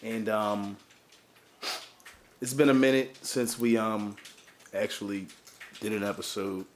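A man's voice: lowish voice, fairly even intonation, takes it slowly, slight background noise. A man hosting a casual podcast from a small studio, talking loosely, rambling and swearing freely. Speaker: podcast host. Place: home studio.

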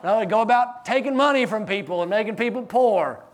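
With a high-sitting voice and a fast delivery, a male pastor preaches energetically. His lines shift from loud and emphatic to hushed, and he laughs his way through anecdotes.

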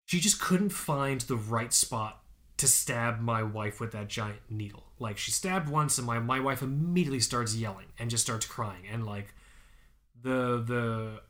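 A man's voice: mid-range voice, a bit bright. Swearing, emphatic male podcast co-host. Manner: profane, emphatic storytelling with many fillers. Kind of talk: casual podcast chat.

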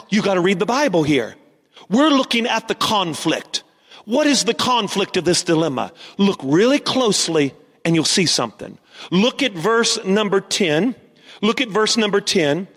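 Preaching man, high-pitched, repeats phrases, rallies the congregation, church hall reverb. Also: fairly bright tone. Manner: preaching, call-and-response with congregation; repeats lines for emphasis, sometimes sings phrases. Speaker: pastor. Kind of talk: sermon.

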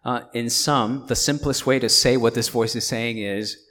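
A man preaching a sermon as pastor, earnest and emphatic, with pauses and fillers between points. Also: mid-range voice, steady tone, sharp tone.

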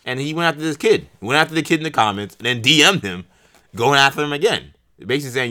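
A man's voice: mid-range voice, expressive, fast, pushed and bright. A man co-hosting a podcast, talking sports casually and rambling with fillers and restarts. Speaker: podcast co-host.

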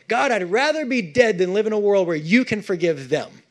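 Casting note: male pastor, lively, chatty sermon delivery, higher voice. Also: normal speed, few pauses. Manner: animated, conversational preaching with asides to the congregation.

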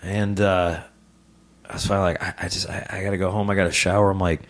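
Very deep-voiced man telling a story. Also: little pitch movement. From Rock Island, US Midwest. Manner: swears often, halting, with stammered restarts. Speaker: podcast guest, stand-up comedian. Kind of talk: casual personal storytelling in an interview. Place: living room.

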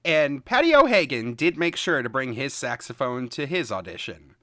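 A man hosting a podcast, narrating history in a lively storytelling way and reading out quotes. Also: medium pitch, normal speed, dry recording. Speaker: podcast host. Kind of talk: scripted narration with banter.

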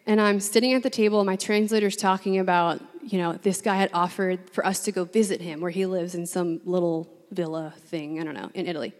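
A young woman from New Orleans telling a personal story to a room full of women, chatty and animated, laughing often and saying 'like' a lot. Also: fairly low pitch, brisk, hardly any pauses. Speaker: speaker addressing a women's gathering. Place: large room with an audience. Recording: long hall reverb.

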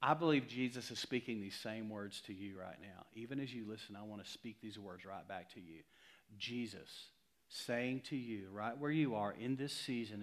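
A male pastor preaching a sermon in a conversational, emphatic way, swinging from loud to hushed. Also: on the low side, moderate pace.

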